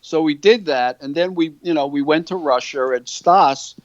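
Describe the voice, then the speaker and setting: A man's voice: fairly high pitch, normal speed, no echo. An older man, the guest of an interview, telling a long rambling story and often checking in with "right?" and "you know". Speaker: guitar company founder, interview guest. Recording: dull, dry lo-fi sound.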